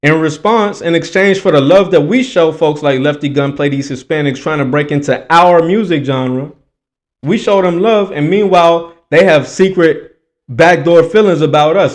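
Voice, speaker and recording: A man's voice: fairly high pitch, moderate pace. A man hosting a reaction commentary, talking in an emphatic, preachy, repetitive way. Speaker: commentary host.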